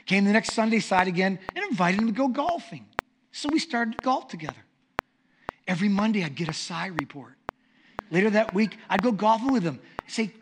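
Animated high-voiced male preacher. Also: fairly quick. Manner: animated, humorous storyteller. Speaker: pastor. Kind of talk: sermon storytelling. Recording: noisy recording with clicks.

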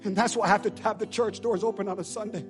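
A man preaching a sermon as pastor, swinging between shouted pleas and hushed, drawn-out lines with a call-and-response cadence. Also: high voice, steady tone, over music. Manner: shifts between shouting and hushed near-whispers.

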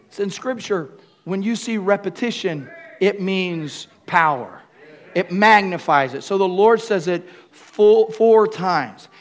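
A man pastor preaching a sermon to a congregation, repeating key phrases and building up to shouts. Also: high voice, moderate pace. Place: church room with congregation.

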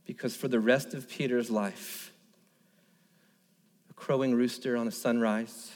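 A man's voice: mid-range voice, steady tone, measured pace, pauses often. A man in his thirties, a pastor preaching an earnest sermon, telling a personal story and building to emphatic repeated lines. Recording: long reverb of a large hall.

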